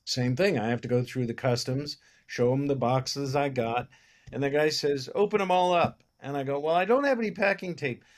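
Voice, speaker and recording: A man's medium-pitched voice moves at normal speed as he recounts anecdotes in a casual interview. He's a film producer who tells them with animation, performing the lines of the people involved.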